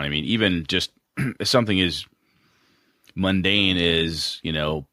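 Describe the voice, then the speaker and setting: A man's voice: low voice, a bit bright, no room sound, clean studio sound. A man co-hosting a gaming podcast, rambling and hedging with many restarts in casual chat. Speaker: podcast co-host.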